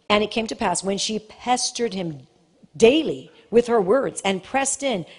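A woman preaching a sermon with passion, pressing hard on key phrases and slowing for emphasis. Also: a little high, a little mellow. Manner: passionate, shifts between fast and slow emphatic delivery. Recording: long hall reverb.

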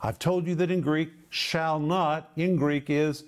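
Emphatic higher-voiced male Bible teacher. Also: fairly even intonation. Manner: emphatic, slows down to stress key words.

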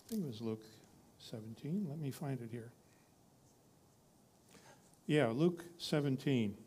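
A man's voice: medium pitch, lively intonation, a little slow, warm tone, husky. A man preaching a sermon in a conversational teaching style, reading scripture and building to emphatic repeated lines.

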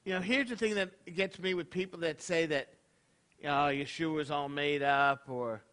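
In a congregation hall, a rabbi talks to his congregation in a casual, conversational sermon full of rhetorical questions. His slightly high voice has a fairly bright, steady tone, delivered at normal speed.

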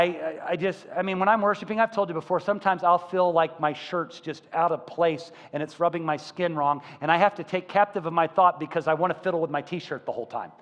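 A male pastor preaching a sermon, telling stories with lively acted-out voices. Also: high-pitched, muffled recording. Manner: animated storytelling, acting out quoted voices. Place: church sanctuary. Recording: church hall with long reverb.

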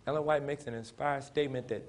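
A man preaching a sermon in plain, folksy speech, building to shouted emphasis and calling on the congregation to respond. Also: medium pitch, fairly even intonation, fast, a little hiss or hum. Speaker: pastor.

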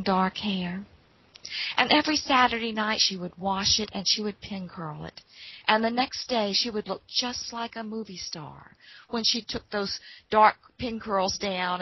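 A woman telling a personal story in an unhurried, folksy way. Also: mid-range voice, husky, no room sound, lo-fi sound.

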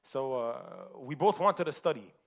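A man's voice: medium pitch, lively intonation, unhurried. A man from the United States telling a personal story in a casual, chatty way at a community forum, laughing often.

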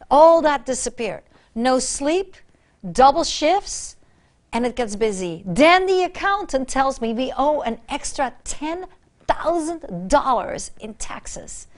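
Fervent high-voiced woman preaching. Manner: fervent, emphatic repetition, swings from soft to loud. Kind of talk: sermon.

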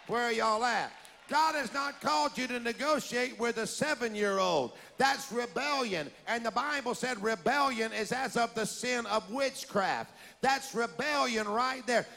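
A preacher with a very high, bright and gravelly voice, delivering an animated sermon. He shouts out to the congregation and calls for a response, and a long hall reverb trails behind him. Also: slight background noise. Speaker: pastor.

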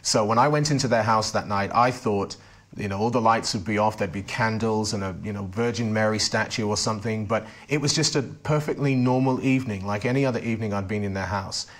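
Low-voiced man telling his testimony. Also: fairly quick, fairly bright tone. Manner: earnest storytelling with frequent restarts. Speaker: interview guest. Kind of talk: personal testimony in an interview.

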